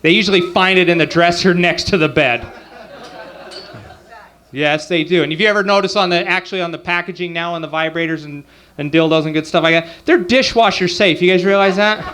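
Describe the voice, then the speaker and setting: Pushed and bright, a high-pitched man's voice runs a little fast through a profane stand-up set. He's in his forties, talking crudely and casually with the club crowd.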